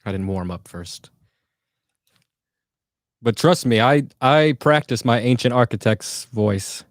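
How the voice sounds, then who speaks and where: A man's voice: mid-range voice, animated, slow pace, no room sound, clean studio sound. Joking, chatty man livestreaming. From United States. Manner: joking, chatty, reading out viewer comments. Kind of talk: casual livestream chat.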